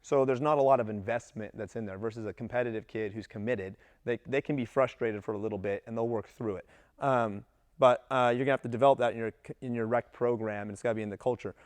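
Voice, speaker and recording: A man coaching gymnastics coaches in a casual talk, lively and acting out what his athletes say. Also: mid-range voice, quick pace, no echo. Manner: animated, acts out athletes' voices in quotes.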